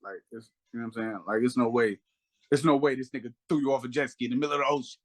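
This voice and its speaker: A man's voice: medium pitch, very fast. A man co-hosting a casual podcast chat, telling stories animatedly and acting out the people he quotes. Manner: animated storyteller, acts out quotes in raised voices. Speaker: podcast co-host.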